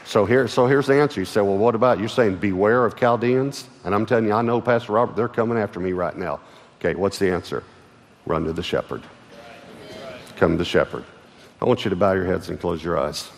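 A man's voice: lowish voice, a little fast, creaky, a faint crowd. A middle-aged man with a Texan accent, preaching a sermon as pastor, emphatic and often restarting his phrases. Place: large church auditorium. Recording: long hall reverb with faint music.

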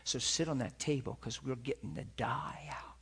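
A man voicing a curt, scornful female nurse in a hushed, cold, lower voice. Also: normal speed, vocal fry, breathy edge, heavily acted.

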